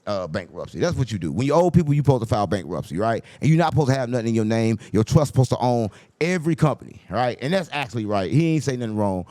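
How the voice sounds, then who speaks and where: Mocking man ranting with lively pitch. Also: no echo. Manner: mocking, repetitive taunts, swings between loud jabs and low mutters. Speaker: commentary host. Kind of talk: rant-style commentary.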